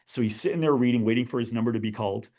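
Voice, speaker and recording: A man guesting on a podcast, telling a parable in an animated way and asking his listeners questions. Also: mid-range voice, rapid-fire. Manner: animated storyteller who addresses his listeners directly. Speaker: guest, business author. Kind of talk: podcast storytelling.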